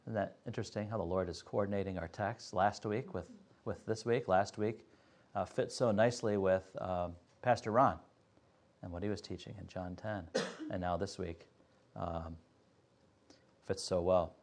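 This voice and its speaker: A man teaching a Sunday school Bible class, explaining step by step in an earnest way with frequent pauses. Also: low-pitched, steady tone, a little mellow.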